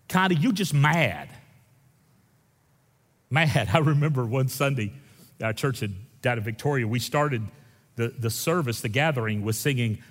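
Brief: man, pastor, lively folksy preaching, long hall reverb. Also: medium pitch. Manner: folksy, animated, swings between loud and hushed. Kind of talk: sermon. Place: church sanctuary.

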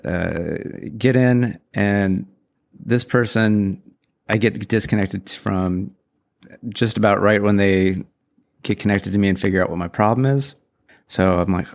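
Gravelly-voiced man telling a frustrating story. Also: on the low side. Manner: rambling, exasperated, self-deprecating retelling. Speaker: vlogger telling a personal story. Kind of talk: casual storytelling.

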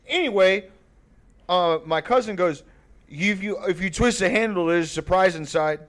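A man's voice: high-pitched, moderate pace, a bit bright. A man telling a long, rambling, profane family story on a podcast, laughing often. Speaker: podcast host. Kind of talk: casual storytelling.

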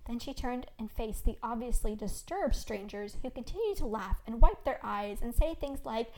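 A woman host reads her own story in the first person, expressive and scripted. Her voice sits somewhat high. Each scene is told with clear, lively storytelling. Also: moderate pace, few pauses. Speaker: podcast host. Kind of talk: scripted narration.

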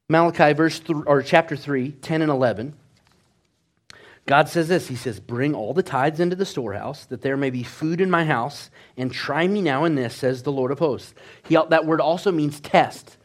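A man preaching a sermon as pastor, telling stories with animated swings between hushed and loud delivery. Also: on the high side.

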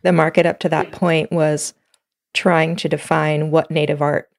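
A woman interviewer asking questions and adding comments in a calm, measured way. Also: low voice, gravelly, dry recording, clean studio sound.

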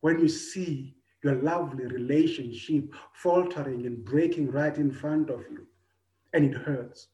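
A man, preaching a personal sermon, earnest, repeating his phrases, swinging between loud and soft. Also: medium pitch, measured pace. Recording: echoey room.

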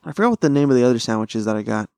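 A man's voice: mid-range voice, lively intonation, racing, creaky, warm tone, smooth, no echo. Young so-cal dude rambling and cussing on his podcast, dry close mic. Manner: profane, rambling slang-heavy storytelling. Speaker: podcast host. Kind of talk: casual solo podcast monologue. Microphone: close studio mic.

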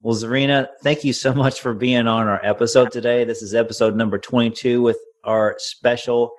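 Relaxed male podcast host. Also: medium pitch, moderate pace. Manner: relaxed, affirming, asks follow-ups. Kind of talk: casual interview.

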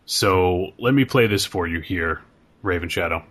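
Laid-back male podcast host, low voice, easygoing delivery. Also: unhurried. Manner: relaxed, hesitant with fillers. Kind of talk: casual chat.

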